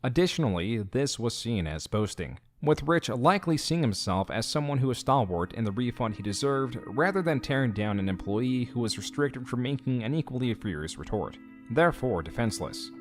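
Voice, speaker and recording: A man reading scripted documentary narration in a measured, critical, even delivery. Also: mid-range voice. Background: faint background music.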